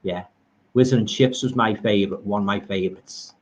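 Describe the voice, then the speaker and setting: A middle-aged man with a Liverpool accent streams live from home, rambling enthusiastically about old films and reading out viewer comments with homely turns of phrase, as a horror film streamer does. His voice is lowish and fairly quick, and the audio sounds dull.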